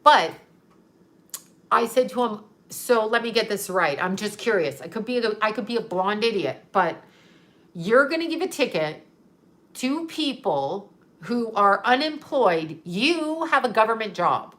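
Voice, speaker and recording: A woman's voice: mid-range voice, very animated, unhurried, fairly bright tone. Profane, ranting middle-aged woman. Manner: ranting, profane, laughs often; blunt, sarcastic. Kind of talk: casual storytelling to camera.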